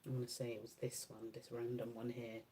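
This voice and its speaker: A woman's voice: a bass voice, flat delivery, fairly quick, mellow, slight background noise. A woman beauty creator chatting casually through a makeup swatch demo, musing aloud and correcting herself as she goes.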